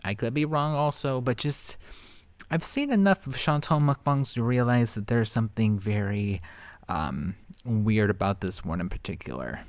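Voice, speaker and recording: A man's voice: medium pitch, expressive, normal speed, a little mellow. A man giving casual, sarcastic commentary while reacting to a video. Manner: sarcastic, chatty.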